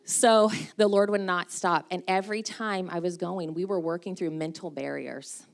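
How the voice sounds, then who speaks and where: A woman's voice: fairly low pitch, normal speed. A middle-aged woman giving a casual, self-deprecating talk at a church women's breakfast, laughing often as she speaks. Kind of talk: casual sermon.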